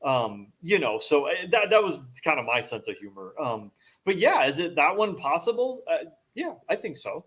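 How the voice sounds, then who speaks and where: A man's voice: a little high, big pitch swings, moderate pace, fairly bright tone. A man chatting casually on a live show, joking and laughing between remarks. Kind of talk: casual chat.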